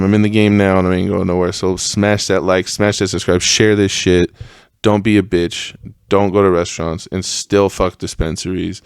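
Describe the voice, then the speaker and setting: Solo podcast host, young man, fired-up profane rants, lowish voice, dry close sound. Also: clean tone, dry recording. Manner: profane, heated rant that rises in pitch.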